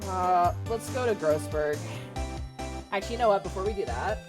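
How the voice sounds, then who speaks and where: A woman's voice: lowish voice, moderate pace, over music. A woman streamer chatting casually while playing, swearing now and then. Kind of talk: casual game stream chat.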